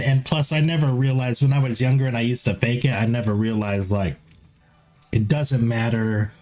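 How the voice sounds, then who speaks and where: A man talking loosely on a live stream, with a lisp, a nasal edge and raspiness in his low notes, rambling through fillers in a self-deprecating way. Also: darkish tone. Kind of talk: casual live-stream chat.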